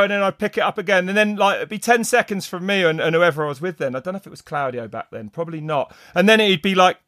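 A middle-aged man, a race commentator, telling stories in casual chat, rambling and animated with many restarts. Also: sits high, quick pace, few pauses, no room sound, studio quality. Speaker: mountain bike race commentator. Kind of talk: casual podcast storytelling.

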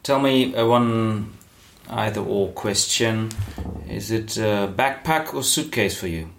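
A male interviewer, a non-native English speaker, asking brisk and curious questions. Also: fairly low pitch. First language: not English.

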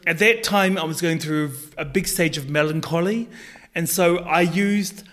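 High-voiced man telling a moving story. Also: a little slow, a bit bright. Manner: emotional, earnest. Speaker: podcast guest. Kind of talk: personal storytelling.

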